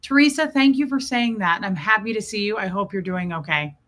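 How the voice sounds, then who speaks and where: A woman's voice: mid-range voice, fairly quick, fairly bright tone. A woman hosting a casual livestream, chatting and greeting viewers by name as she tells a story. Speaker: livestream host.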